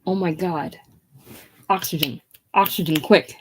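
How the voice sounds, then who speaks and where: A woman's voice: lowish voice, unhurried, slight background noise, natural voice. A woman reading the part of a faded, aging female film star, breathless and theatrical. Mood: gushing. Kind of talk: casual play reading.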